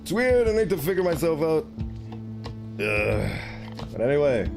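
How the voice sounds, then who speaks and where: A man's voice: a little high, very animated, moderate pace, gravelly, long pauses, music in the background. A young man chatting casually while streaming a video game, rambling and laughing at himself. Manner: rambling, self-mocking, giggly. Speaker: VTuber streamer.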